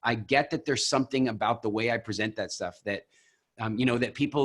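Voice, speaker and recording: A man leading a coaching call over video, telling stories with animated, expressive delivery. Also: on the low side, a little fast. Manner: animated, expressive storyteller who acts out examples. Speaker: program founder coaching coaches.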